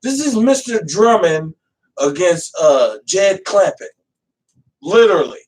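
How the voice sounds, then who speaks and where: A man hosting a casual talk show, animated and profane, often slipping into voices to make a point. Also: high-pitched, slow. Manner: animated, profane, acts out voices mid-rant. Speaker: podcast host. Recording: voice a bit distant from the mic.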